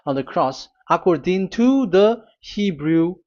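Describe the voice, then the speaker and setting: A man preaching a sermon in a fairly high voice, reading verses and pausing over his words with many restarts. The sound is dull and lo-fi. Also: animated, darkish tone. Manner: halting, with frequent restarts and fillers; talks to the technician between readings.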